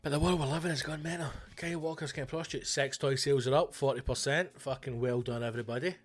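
Sweary Scottish comedian telling stories. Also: male voice, a little high, fairly even intonation, quick pace, breathy edge, faint music behind. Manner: sweary, blunt, ranting. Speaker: comedian and podcast host. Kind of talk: casual comic storytelling monologue.

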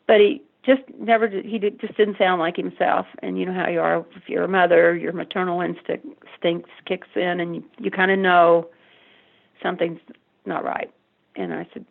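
An older woman speaks in a low, husky voice, often stopping and restarting mid-sentence as she recalls events as a mother. She comes through a thin, tinny phone line. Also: fairly even intonation. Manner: halting, stuttering, many restarts. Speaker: mother of the convicted man, interviewee. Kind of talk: emotional personal recollection.

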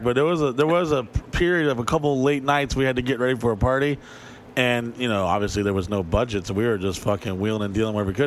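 A man's voice: mid-range voice, a little hiss or hum. A man co-hosting a casual podcast, rambling through profane stories with dry asides. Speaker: podcast co-host. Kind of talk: casual chat.

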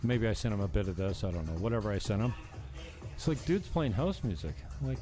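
A man's voice: fairly low pitch, very animated, normal speed, music in the background. A man from Canada talking casually in a vlog, blunt and rambling, swearing often. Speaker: vlogger.

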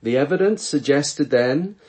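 A middle-aged pastor reading scripture and preaching an earnest, measured sermon full of rhetorical questions. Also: male voice, mid-range voice, expressive, a little mellow.

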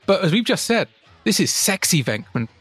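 Sweary podcast host, slightly high. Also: male voice, big pitch swings, moderate pace, a bit bright, husky, no room sound, faint music behind. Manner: blunt, sweary and wry. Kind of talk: casual chat.

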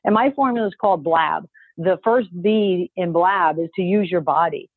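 A woman's voice: fairly low pitch, moderate pace, slightly rough, no echo. A woman coach giving an upbeat, emphatic motivational talk, coaxing listeners to repeat phrases after her, heard over a call. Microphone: call audio. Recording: dry tinny phone-like call audio.

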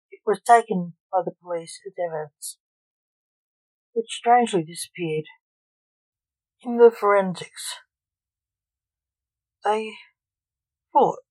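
A woman narrating a story aloud in a measured, plain reading voice. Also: medium pitch, darkish tone, no echo, poor audio.

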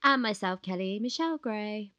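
Hoarse, flu-ridden woman in her thirties, bright voice. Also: mid-range voice, normal speed, lo-fi sound. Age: 30s. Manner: candid, expressive, retells with acted quotes. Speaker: podcast co-host. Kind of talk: casual chat.

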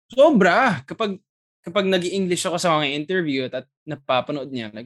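A man's voice: medium pitch, quick pace. A young man from the United Kingdom, a guest actor, chatting casually and switching back and forth between English and Tagalog with lots of fillers. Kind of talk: casual chat.

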